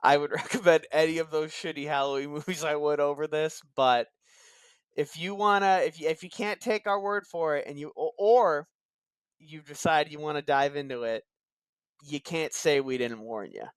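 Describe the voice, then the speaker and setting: A young adult man co-hosts a casual podcast, exasperated and quick to swear. His voice sits a little high, smooth and resonant. The recording is dry and close. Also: no room sound. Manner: exasperated, swearing, laughing asides. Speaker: podcast co-host. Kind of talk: casual movie review chat.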